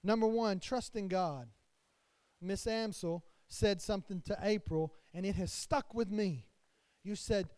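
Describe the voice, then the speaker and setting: A man preaches to his congregation in a strikingly high voice. He swells louder and drops softer as he preaches. The sound is dry, with almost no room echo. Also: a little slow, clear, resonant tone. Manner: preaching to a congregation, rising and falling in loudness. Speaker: pastor. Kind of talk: sermon.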